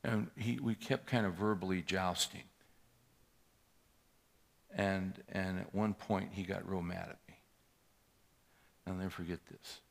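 A man's voice: low voice, fairly even intonation, measured pace, gravelly, pauses often. A man in his sixties preaching a sermon, telling a story and acting out a tense confrontation with rising force. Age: 60s. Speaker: pastor.

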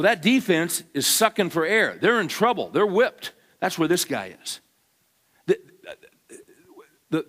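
A man preaching a sermon with a voice that sits somewhat high for a man. He starts in a quiet, storytelling tone, then climbs into loud, emphatic bursts. He often repeats words as he pushes a point. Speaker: pastor.

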